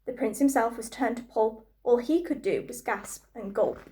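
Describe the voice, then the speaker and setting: High-voiced woman reading rhymes aloud. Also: normal speed. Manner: lively, rhythmic rhyming delivery. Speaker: storyteller. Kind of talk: storybook reading.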